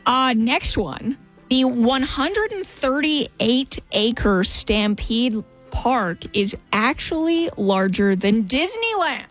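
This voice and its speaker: Lively high-voiced woman radio host. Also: takes it slowly, faint music behind. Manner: bright, playful quizmaster. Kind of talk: upbeat radio trivia segment.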